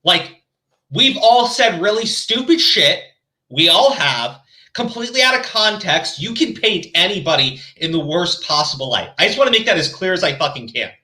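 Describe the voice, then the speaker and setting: A man hosting a commentary podcast, chatting casually and profanely, animated and mocking as he quotes others. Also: high voice, normal speed.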